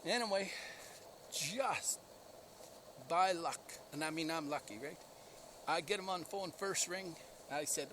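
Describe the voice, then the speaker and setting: Dog breeder, chatty and rambling, a bit high-voiced, outdoor noise behind him. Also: male voice, unhurried, pauses often, fairly bright tone. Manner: rambling, enthusiastic, laughs at himself. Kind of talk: casual storytelling vlog.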